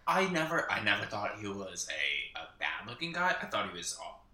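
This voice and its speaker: Male podcast co-host, hesitant delivery, lively pitch, roomy echo. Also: normal speed. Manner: hesitant, fillers and restarts. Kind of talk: casual chat, recapping. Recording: echoey room with faint noise.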